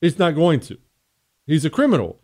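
A man's voice: on the high side, wildly swooping pitch, normal speed, a little mellow. A man hosting a talk radio show, blunt and sarcastic in his opinionated monologue.

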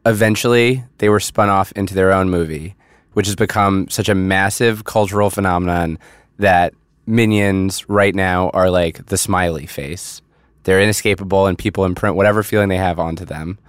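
A man's voice: low-pitched, fairly even intonation, normal speed, clear, resonant tone, dry recording, studio quality. A man co-hosting a podcast, explaining something carefully, step by step, in casual chat. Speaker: podcast co-host.

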